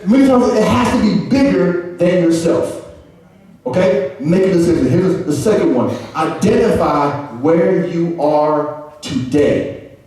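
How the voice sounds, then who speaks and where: A man preaching a sermon as pastor, lively, calling on the congregation to answer back and acting out quotes. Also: high-pitched, unhurried. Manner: animated preaching with call-and-response and acted quotes. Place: large church hall. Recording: echoey hall, far from mic.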